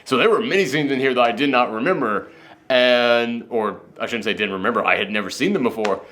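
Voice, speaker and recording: A young man co-hosting a casual film review, talking fast and loose and slipping into mocking voices of characters. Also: medium pitch. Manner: animated, jumps into mocking impressions. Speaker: podcast co-host. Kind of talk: casual movie review chat.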